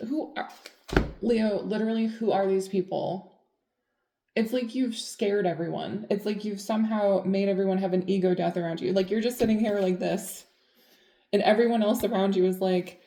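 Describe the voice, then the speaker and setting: A woman reads tarot in a loose, chatty way, blunt and full of filler words. Her voice is mellow and gravelly with fry. She sounds like she is in an echoey room. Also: medium pitch. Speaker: tarot reader. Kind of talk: casual tarot reading.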